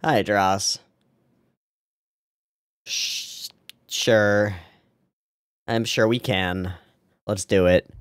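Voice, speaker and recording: A man's voice: fairly low pitch, fairly even intonation, extremely slow, long pauses, smooth, no echo, studio quality. A man hosting an anime reaction video, swearing, laughing and talking back to what he watches. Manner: swears often and talks back to the screen; laughs and reads on-screen lines aloud. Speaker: anime reaction channel host. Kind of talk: casual reaction commentary.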